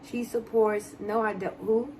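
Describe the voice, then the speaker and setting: A woman's voice: fairly high pitch, fairly even intonation, unhurried, dark tone, slight background noise. A young American woman with a DMV accent chatting casually on a live stream, reading and answering viewers' comments as she talks. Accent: DMV (Washington, D.C. area) American. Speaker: livestreamer.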